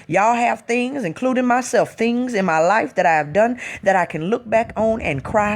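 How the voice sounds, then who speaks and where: A woman's voice: on the high side, expressive, moderate pace, few pauses, slight background noise. A woman hosting a spiritual talk, speaking in an emphatic, preachy casual style and often tossing in a rhetorical "hmm?". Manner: reads out listener comments.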